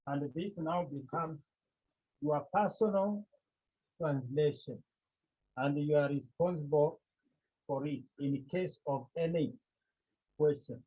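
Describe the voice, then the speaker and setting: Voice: mid-range voice, slow, long pauses, husky, narrow, tinny audio. A Greek teacher from Cameroon, lecturing a class, repeating key words and asking the students rhetorical questions.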